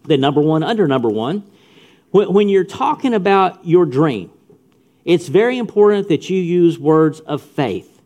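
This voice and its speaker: A man's voice: fairly high pitch, lively intonation, normal speed, darkish tone, dull audio. A middle-aged man preaching a sermon to young people, emphatic, repeating phrases and speaking straight to his listeners. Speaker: pastor. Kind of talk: sermon to youth.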